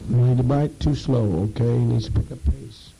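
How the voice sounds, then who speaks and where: A man leading a program and addressing a group informally, halting and repeating words for emphasis. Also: mid-range voice, vocal fry, dark tone, slight background noise, poor audio.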